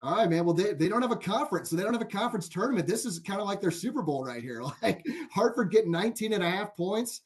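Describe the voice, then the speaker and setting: A man's voice: sits high, animated, quick pace, hardly any pauses. A man hosting a sports betting podcast, chatty and amused, telling stories and filling gaps with "like". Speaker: podcast host. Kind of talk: casual sports betting chat.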